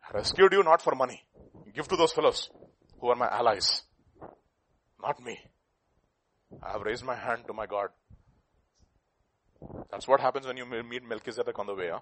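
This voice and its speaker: A man preaching a sermon, swinging between loud bursts and hushed asides. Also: medium pitch, moderate pace, long pauses.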